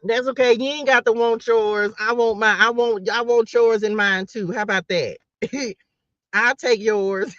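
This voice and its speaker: A woman's voice: fairly high pitch, steady tone, unhurried, no room sound, muffled recording. A woman hosting a live tarot reading, chatting playfully with her viewers and laughing often. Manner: chatty, addresses viewers directly.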